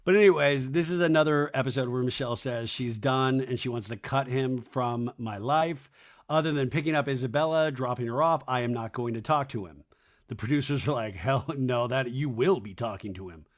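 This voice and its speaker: Male podcast host, mid-pitch, gossipy recap delivery with quick put-on voices. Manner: chatty, mimics cast members in high mocking voices. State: hiccups. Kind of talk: casual recap commentary.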